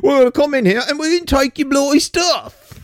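A man's voice: mid-range voice, expressive, normal speed, clear, resonant tone, no echo, studio quality, close to an everyday voice. A man voicing a brash, boastful British imperial invader in a mock-proper way.

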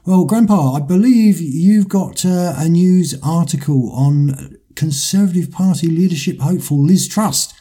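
A man's voice: medium pitch, warm tone, slightly rough. A male co-host making dry, ironic remarks and introducing a segment with frequent hesitations. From Britain. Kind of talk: casual show chat.

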